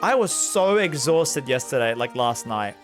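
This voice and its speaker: A man's voice: mid-range voice, big pitch swings, unhurried, music in the background. A man streaming a game, chatting loosely with his viewers and using lots of filler words. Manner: chatty, rambling, addresses chat often, fillers like "like". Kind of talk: casual let's-play commentary.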